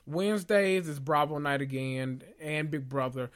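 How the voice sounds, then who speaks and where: A man from the South, hosting a podcast in casual, opinionated chat with dramatic swings in pitch. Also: a little slow. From Southern United States. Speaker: podcast host.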